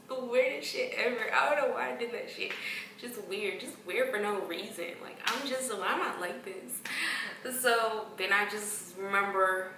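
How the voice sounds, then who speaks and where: A woman's voice: medium pitch, measured pace, pauses often, echoey room, far from the mic, noisy background. A woman vlogger telling a story in casual talk, blunt and profane, acting out what people said to her. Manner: blunt, profane, acts out quoted exchanges.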